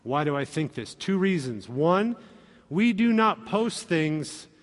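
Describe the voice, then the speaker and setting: A man preaching a sermon as pastor, animated and acting out quoted voices. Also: a little high, slow. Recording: long reverb of a hall.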